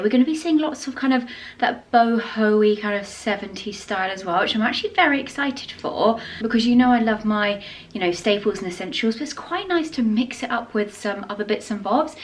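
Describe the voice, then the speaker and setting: Gushing woman vlogging at home. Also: medium pitch. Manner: gushing, enthusiastic product chat. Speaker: lifestyle vlogger. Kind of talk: casual vlog narration.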